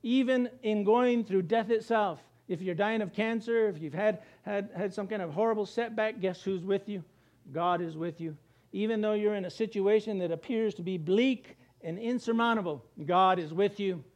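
A man's voice: high-pitched, normal speed, darkish tone. A man preaching a conversational sermon, breaking into acted-out voices and chuckles. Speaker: pastor.

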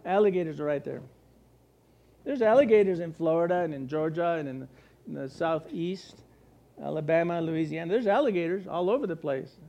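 High-voiced, animated American pastor preaching. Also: male voice, fairly quick, vocal fry. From United States. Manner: animated, asks and answers his own questions, acts out worried voices. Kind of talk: sermon.

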